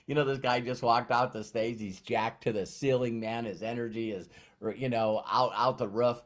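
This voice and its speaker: A man's voice: mid-range voice, steady tone, normal speed. A man giving a motivational talk who tells a personal story, acts out the dialogue, and often repeats words. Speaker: motivational speaker.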